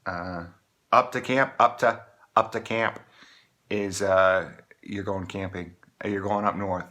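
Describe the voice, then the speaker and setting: A man from Maine talking casually to camera, rambling with many halting restarts. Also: deep voice, fairly even intonation, pushed and bright. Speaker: vlogger.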